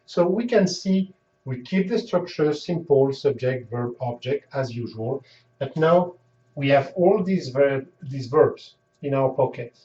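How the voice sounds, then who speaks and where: A language teacher with a mellow, somewhat dark voice gives an animated, unhurried lesson, his pitch swinging widely as he repeats example phrases. The mic seems to sit a little away from him, leaving the sound dull and echoey.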